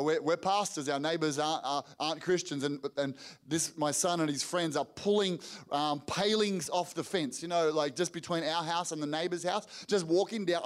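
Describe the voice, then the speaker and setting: A middle-aged man preaching to a church congregation, telling lively family stories with quick restarts and acted-out quotes. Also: a little high. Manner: energetic storytelling with rapid restarts and acted-out quotes. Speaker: pastor. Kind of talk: sermon storytelling. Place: church hall before a congregation.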